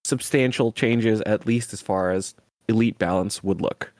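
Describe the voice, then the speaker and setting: A man's voice: fairly low pitch, a little slow, a little mellow, dry recording, clean studio sound. A man hosting a podcast in casual chat who laughs easily and talks in long running sentences full of fillers. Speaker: podcast host.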